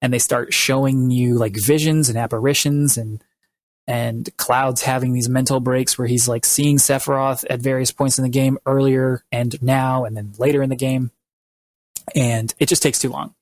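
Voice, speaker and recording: A man's voice: medium pitch, level tone, normal speed, darkish tone, no room sound. A man co-hosting a podcast, recapping at length in a loose, rambling way with lots of fillers. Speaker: podcast co-host. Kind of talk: casual podcast chat.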